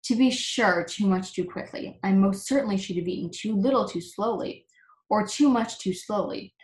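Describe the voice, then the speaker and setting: A woman's voice: medium pitch, lightly acted. A woman voicing a pompous, wordy male humbug insect who talks in flowery phrases, in a storybook reading. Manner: flowery and agreeable. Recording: echoey room.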